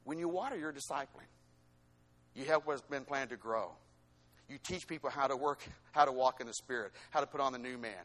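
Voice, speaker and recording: A male pastor preaching a sermon, swinging between loud exhortation and quieter teaching asides. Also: medium pitch, fairly quick.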